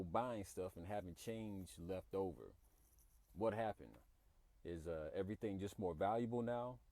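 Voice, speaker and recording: A man's voice: sits low, warm tone, no echo. A man giving earnest, explanatory commentary on the cost of living. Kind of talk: reflective commentary to camera.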